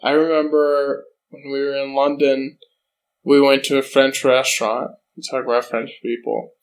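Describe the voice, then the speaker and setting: A man co-hosting a casual comedy podcast, telling a story in a dry, unhurried way. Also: mid-range voice, level tone, rough recording. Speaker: podcast co-host.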